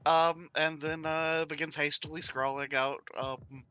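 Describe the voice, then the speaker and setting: Bright, hesitant young-sounding man. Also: on the high side, level tone, a little slow, clear, resonant tone. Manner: hesitant, full of ums and uhs. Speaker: player. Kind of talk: describing moves in a tabletop game.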